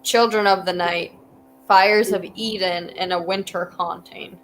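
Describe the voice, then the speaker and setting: A woman's voice: mid-range voice, steady tone, unhurried, slight background noise, rough recording. A woman in a book club chat over a video call, plainly listing titles and sharing what she has read.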